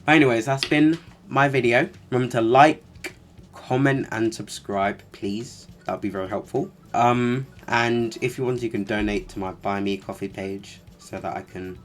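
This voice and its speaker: A man giving casual reaction commentary, exasperated and sarcastic, with lots of fillers. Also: on the low side. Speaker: commentary vlogger.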